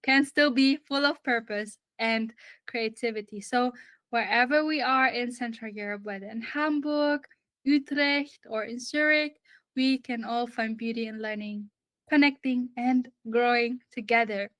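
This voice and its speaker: A woman radio host speaks with a slightly high voice. She moves smoothly from one segment to the next, and she is recorded dry and close to the mic. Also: measured pace, a bit bright, dry recording. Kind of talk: hosted radio talk.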